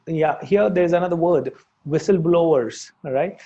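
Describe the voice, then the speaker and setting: An English teacher with an Indian accent gives a loose, chatty lesson full of "uh" and restarts. The voice is mellow and rather dark. The recording is dull and lo-fi. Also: mid-range voice, moderate pace, soft background music. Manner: hesitant, many fillers and restarts. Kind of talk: casual spoken lesson, mixing in Hindi. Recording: dull lo-fi sound.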